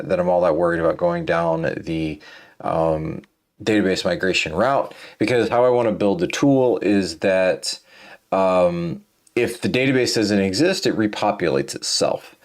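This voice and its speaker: A tired man hosting a casual programming walkthrough, thinking aloud with many fillers and restarts. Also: deep voice. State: tired, yawning. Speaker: programming tutorial host.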